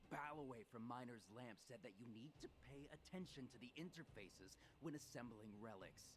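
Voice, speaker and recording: A man's voice: mid-range voice, animated, moderate pace, faint music behind, lightly acted. A man voicing a stubborn, argumentative tinkerer in a video game.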